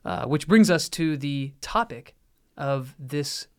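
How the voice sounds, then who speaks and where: A man's voice: on the high side, animated, slow pace. A man co-hosting a Christian marriage podcast with his wife, explaining ideas earnestly with frequent fillers and restarts. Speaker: podcast co-host. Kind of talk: casual faith and marriage podcast talk.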